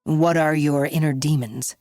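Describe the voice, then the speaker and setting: A woman's voice: deep voice, fairly even intonation, a little slow, darkish tone, no echo. A woman reader voicing a firm, probing male investigator in an audiobook.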